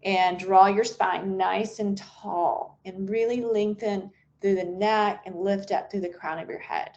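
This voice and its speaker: A woman's voice: medium pitch, fairly even intonation, a little slow, darkish tone, highs cut off. A woman leading a guided breathing meditation in an unscripted, soothing way, with occasional fillers and restarts. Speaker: meditation instructor.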